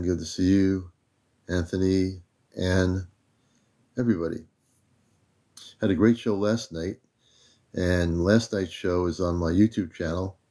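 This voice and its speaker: An older man from the United States hosts a laid-back livestream, welcoming viewers by name in an easy, unhurried way. His voice is very low and dark, and mellow in tone. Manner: relaxed, greets viewers by name. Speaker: livestream host. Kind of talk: casual livestream greetings.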